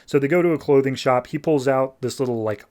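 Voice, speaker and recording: A man's voice: medium pitch, fairly quick, a little mellow. Man casually recapping a story. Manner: rambling, loose storytelling. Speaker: podcast host.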